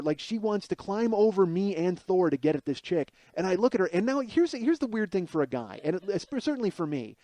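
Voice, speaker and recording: A man's voice: high voice, dark tone, no room sound. A man in his forties, a podcast host, telling a comic personal story in a profane, rambling, self-deprecating monologue. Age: 40s.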